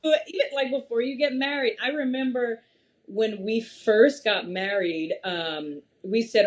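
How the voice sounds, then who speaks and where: Animated young woman guest, laughing often. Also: on the high side, unhurried. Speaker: podcast guest. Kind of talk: casual conversation.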